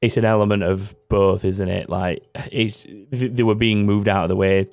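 Gravelly man, casual podcast host. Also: fairly low pitch, steady tone, moderate pace, darkish tone, no room sound. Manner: rambling, self-correcting, laughs often. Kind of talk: casual chat.

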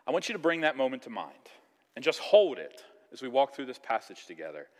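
A man preaching a sermon in a conversational, animated way, acting out quoted voices. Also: medium pitch, a little fast, big-room sound. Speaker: pastor.

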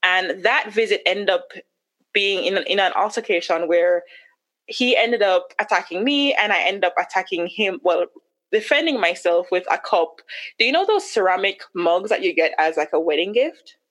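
A woman candidly recounting a painful personal story as a guest, with emotional retellings and quick asides. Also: medium pitch, animated, fairly bright tone. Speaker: podcast guest.

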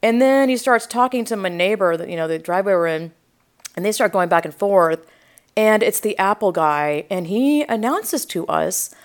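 A young woman podcast host telling a story in a rambling, animated way, full of asides and quoted reactions, with a sore throat. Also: mid-range voice, moderate pace. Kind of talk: casual storytelling.

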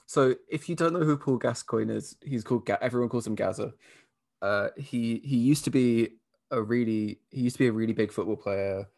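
A man who is a podcast guest, explaining a story in casual chat, low-key and full of fillers. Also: a little fast, a little mellow.

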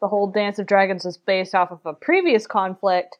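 A woman in casual chat, relaxed, giving short replies and wry asides. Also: mid-range voice, brisk, dull audio.

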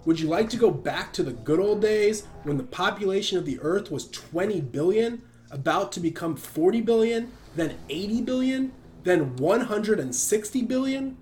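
A pompous, preachy elderly doctor holds forth with emphatic certainty, as a male reader puts him on. The voice sits fairly high for a man, and soft music plays faintly underneath. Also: lively intonation, a little slow. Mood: lecturing. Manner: lecturing, emphatic.

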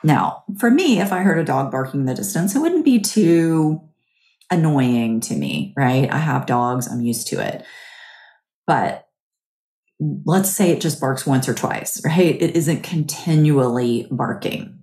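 Female podcast host; deep, slow delivery; friendly coaching tone; reverberant room. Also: sing-song. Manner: gentle, chatty, often asks "right?". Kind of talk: guided mindfulness talk.

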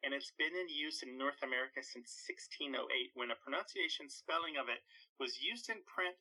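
Man, language expert guest, very bright tone, husky, thoughtful explaining. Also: medium pitch, a little fast, low-quality recording. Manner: thoughtful, explains at length with small restarts. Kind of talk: explanatory conversation.

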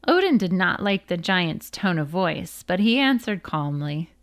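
A woman's voice: fairly low pitch, big pitch swings, measured pace, few pauses, no echo, studio quality. A woman reading a children's book aloud, careful with her words and stopping to spell out hard names. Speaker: storyteller.

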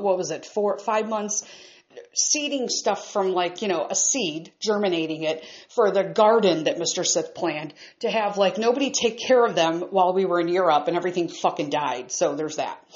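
A woman's voice: mid-range voice, highs cut off. A woman ranting at home in an exasperated, profane, emphatic way. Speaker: vlogger. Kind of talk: angry ranting monologue. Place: upstairs room at home.

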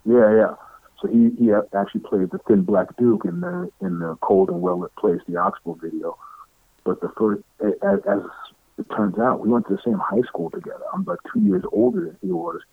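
Middle-aged male guest, animated storyteller with a swinging pitch who acts out other people's lines, dry close sound. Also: a little fast, creaky, husky, no room sound. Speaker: interview guest. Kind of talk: casual storytelling. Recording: tinny phone-like line, dry.

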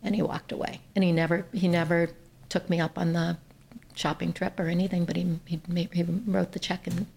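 A woman from Ohio with a slightly low, gravelly voice, speaking as a podcast guest. She tells her stories earnestly and lifts her voice when she quotes others. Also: little pitch movement, a little fast, darkish tone. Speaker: guest, nonprofit chief executive. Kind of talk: conversational storytelling.

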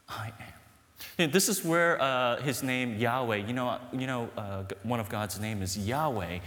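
A man preaching a sermon with an animated, emphatic delivery. His voice carries a long reverb from a large, echoing hall. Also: medium pitch, a little slow. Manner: animated, emphatic, storytelling with laughs. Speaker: pastor.

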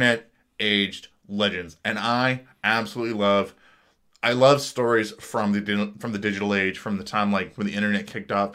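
A man's voice: lowish voice, sharp tone. A man co-hosting a casual podcast, rambling and joking about himself. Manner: rambling, jokey, self-mocking. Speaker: podcast co-host.

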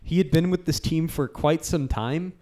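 A man's voice: a little high, moderate pace, mellow. A man hosting a casual sports podcast, talking loosely with frequent restarts. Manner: loose, rambling, restarts and laughs. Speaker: podcast host.

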